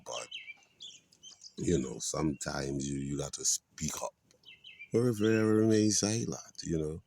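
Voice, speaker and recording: A man's voice: extremely low pitch, dark tone, slight background noise. A man, filled with "you know" and quoting scripture like a street preacher. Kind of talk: casual spoken monologue.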